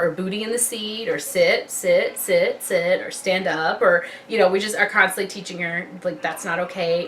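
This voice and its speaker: A woman's voice: on the low side, fairly bright tone. A young woman, a mom vlogger, chatting casually and rambling from one thought to the next. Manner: chatty and rambling, loses her train of thought. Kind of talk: casual chat. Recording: slightly distant mic with faint background noise.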